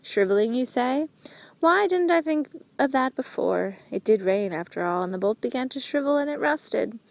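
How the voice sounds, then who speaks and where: A woman voicing a quick-tempered male army general in an audiobook, speaking in incredulous questions. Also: on the high side, expressive, vocal fry, no echo, pitched above the performer's own voice. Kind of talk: audiobook character reading.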